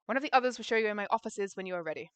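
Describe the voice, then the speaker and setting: A woman's voice: mid-range voice, expressive, fairly bright tone, clean tone, lightly acted. A woman doing a stern, formal convent superior. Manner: measured, formal and polite. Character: stern calm older female convent superior.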